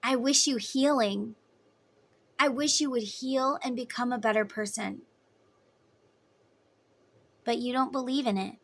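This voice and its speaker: A woman's voice: fairly high pitch, unhurried, long pauses, fairly bright tone. A woman giving a casual tarot reading, talking in an emphatic, chatty way. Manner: emphatic, chatty, acts out voices in quotes. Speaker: tarot reader.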